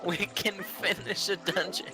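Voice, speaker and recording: A man's voice: high voice, a little slow. Man commentating a race over music. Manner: relaxed, joking, explains game details. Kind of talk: casual game commentary.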